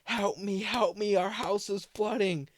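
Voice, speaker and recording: A man's voice: high-pitched, expressive, a little slow, pitched above the performer's own voice. A man voicing his frantic, anxious middle-aged mother as she panics and swears.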